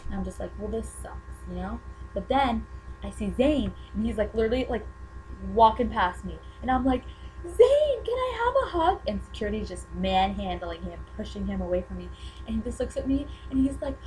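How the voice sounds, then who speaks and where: A young woman chatters to the camera about meeting her idols, gushing in quick valley-girl bursts packed with "like". Her voice sits at an ordinary middle pitch, with a faint hum in the background. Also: mellow, poor audio. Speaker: vlogger. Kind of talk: excited fan storytelling to camera.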